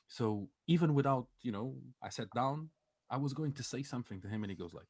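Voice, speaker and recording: This young male podcast co-host talks fast and animatedly in a medium-pitched, somewhat mellow, husky voice, captured in a dry recording. He's telling a comedic story casually, peppered with swearing and frequent laughter, acting out what each person said.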